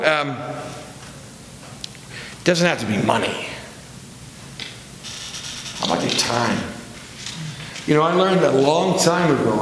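This pastor's voice is fairly high and fairly bright, with slight background noise as he preaches. Standing in a church sanctuary full of long reverb, he tells stories in a digressive, conversational sermon, correcting himself along the way.

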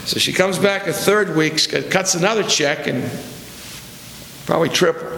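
With a slightly high, bright, forceful voice and some vocal fry, a man preaches as pastor at a moderate pace. His sermon wanders through stories in a chatty, self-correcting way, recorded in a church sanctuary with long hall reverb and a bit of hiss or hum.

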